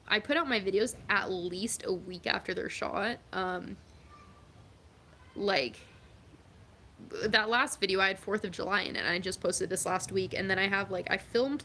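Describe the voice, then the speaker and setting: A woman's voice: medium pitch, fairly bright tone, a little hiss or hum. A young woman vlogging, chatting casually and reading out viewer comments, upbeat and full of fillers. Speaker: vlogger and athlete.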